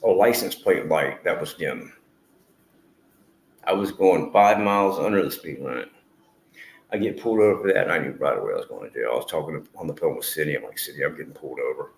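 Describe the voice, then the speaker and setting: A man's voice: very deep voice, expressive, brisk, gravelly. A man who streams, giving a rambling, earnest and emotional personal testimony and swearing freely. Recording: echoey room with faint noise.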